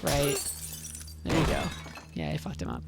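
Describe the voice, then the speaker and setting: Lively woman chatting over gameplay. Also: deep voice, normal speed, creaky, very noisy. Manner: animated, quotes people in put-on voices. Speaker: co-host. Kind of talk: casual gameplay chat.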